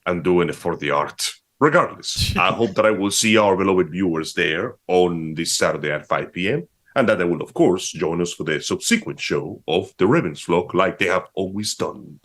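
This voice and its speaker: A man's voice: sits low, normal speed, hardly any pauses, fairly bright tone. A man co-hosting a casual livestream, speaking in formal, theatrical phrasing. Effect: voice-altering program. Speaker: co-host.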